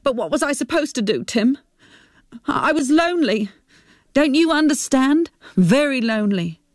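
A woman's voice: high-pitched, lively intonation, normal speed, no room sound, clean studio sound, voice pushed up. Woman voicing a tearful defensive mother. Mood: pleading. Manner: pleading, defensive. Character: tearful unfaithful middle-aged mother.

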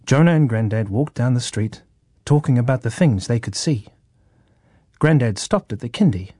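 A man reading a children's story in a calm, measured way. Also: medium pitch, breathy edge, no room sound, clean studio sound.

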